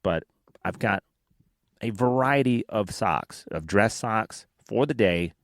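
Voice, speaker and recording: A man's voice: on the low side, animated, takes it slowly, dry recording, clean studio sound. A man with a Southern American accent hosting a casual podcast, telling rambling, self-deprecating stories. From Alabama, United States. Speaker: podcast host.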